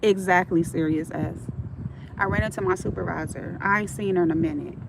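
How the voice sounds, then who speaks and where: A woman's voice: lowish voice, fairly even intonation, fairly quick, creaky. A middle-aged woman telling stories on a casual livestream, frank and streetwise, swearing freely, with faint traffic noise behind her.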